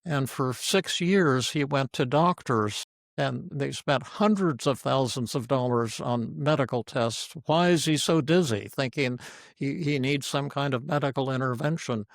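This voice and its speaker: A man's voice: medium pitch, a little slow, vocal fry, no room sound, clean studio sound. An older man, a psychiatrist and teacher, giving an informal teaching talk full of stories, speaking bluntly and frankly.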